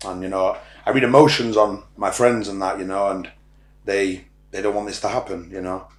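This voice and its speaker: In a room with noticeable echo, a middle-aged Irishman with a low, steady voice talks at normal speed. He's a social media influencer guesting on a podcast, and in the casual interview he rambles bluntly and swears often.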